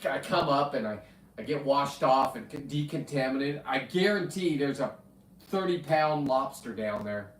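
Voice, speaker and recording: A man's voice: mid-range voice, moderate pace, recorded from a distance, slight background noise. A man hosting a rambling livestream, brash and profane, chatting with viewers and talking to his dog. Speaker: livestream host. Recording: echoey room, off-mic.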